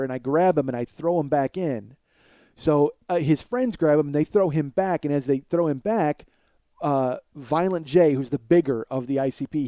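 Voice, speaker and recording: A man telling a comedic story as a podcast host, swearing freely and building up energy as he goes. His voice sits fairly high but sounds mellow and dark in tone. The sound is dry and close to the mic. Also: no echo. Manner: profane, animated storyteller.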